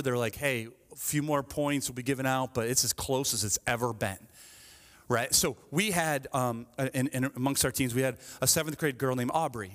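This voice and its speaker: A middle-aged male pastor preaching a sermon, telling stories with lively swings from hushed asides to fervent appeals, often tagging lines with "right?". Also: mid-range voice, in a large hall. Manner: frequent "right?" asides, repeats phrases.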